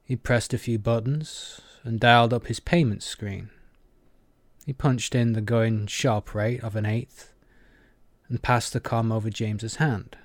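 A man narrating an audiobook in a measured, even manner. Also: medium pitch, no echo.

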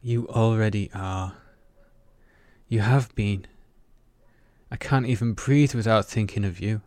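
A man's voice: on the low side, takes it slowly, darkish tone, dry recording. Man voicing a cocky, crude young tough guy. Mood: confessing. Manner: teasing, crude, defiant. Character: cocky roguish young man, sharp-tongued.

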